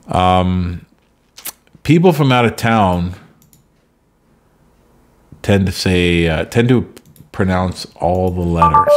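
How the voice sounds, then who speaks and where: A man with a deep, low-pitched voice talks through a sports management game at home. His delivery is loose and chatty, wandering into side stories between plays. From Canada. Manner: chatty, rambling asides. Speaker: gameplay commentator. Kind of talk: casual gameplay commentary.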